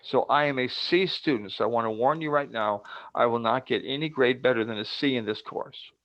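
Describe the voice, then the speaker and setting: A man's voice: medium pitch, a little fast, a bit bright, no room sound, muffled recording, close to an everyday voice. An older man voicing a shy, anxious young woman student who talks timidly and doubts herself.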